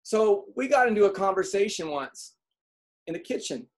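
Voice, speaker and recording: A man giving a motivational talk to an audience, telling comic stories and acting out quotes in an animated way. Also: high voice, normal speed. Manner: animated storyteller, acts out quotes. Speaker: speaker.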